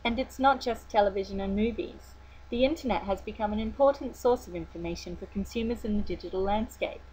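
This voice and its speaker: A young woman from Australia with an Australian accent, who gives a scripted academic presentation as a student in a measured, formal reading style. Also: medium pitch, a little mellow, slight background noise, low-quality recording.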